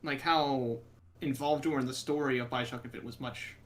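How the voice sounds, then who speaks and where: A man co-hosting a gaming podcast in casual chat, dropping dry, deadpan quips. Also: mid-range voice, a little fast. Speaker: podcast co-host.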